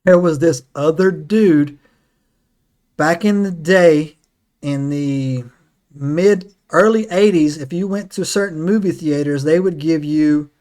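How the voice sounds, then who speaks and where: A man hosting a casual podcast chat, an excitable storyteller who keeps checking in with "right?" and "man". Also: on the high side, takes it slowly. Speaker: podcast host.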